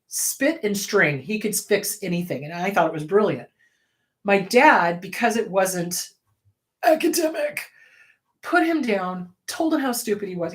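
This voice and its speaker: A woman therapist hosting her own show, talking in a candid, conversational way. She is blunt and emotional, and her voice jumps up high and loud whenever she quotes someone. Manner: swings to loud, high bursts when quoting. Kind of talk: casual advice talk.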